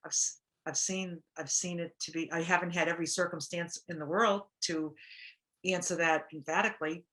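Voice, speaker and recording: A woman's voice: lowish voice, normal speed. A woman co-hosting a recovery talk show, casually reflecting and telling stories, acting out the voices of people she quotes. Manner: animated storyteller, acts out quotes. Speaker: podcast co-host.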